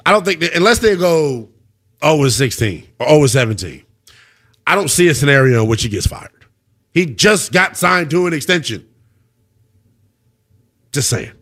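A man's voice: on the high side, very animated, moderate pace, pauses often, fairly bright tone. A man hosting a sports talk radio show, delivering an emphatic, opinionated monologue and taking calls.

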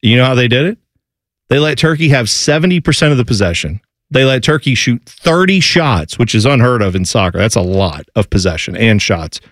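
A man's voice: mid-range voice, lively intonation, a little fast, fairly bright tone, no echo, studio quality. A man hosting a sports radio show, chatting casually in a rambling, jokey way.

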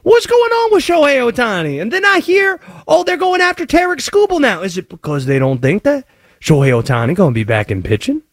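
A man putting on a loud, excitable Cajun-drawling conspiracy character who rambles through hot takes. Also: medium pitch, fast talker, slightly rough, no room sound, studio quality, voice pushed down. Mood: excited.

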